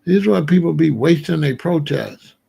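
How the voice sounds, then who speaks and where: Middle-aged male host, gravelly and husky, fairly high-pitched, animated storyteller who acts out dialogue. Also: moderate pace. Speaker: commentary show host. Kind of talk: casual storytelling commentary.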